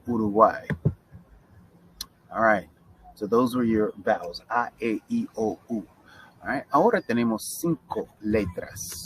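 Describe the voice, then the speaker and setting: A middle-aged man with a fairly low voice gives a casual Spanish pronunciation lesson, sliding easily between Spanish and English. He keeps checking in with the learner as he goes. A faint room ambience sits under his voice. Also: slight background noise, poor audio. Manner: chatty, mixes Spanish and English, frequent "right?" check-ins. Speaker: Spanish teacher.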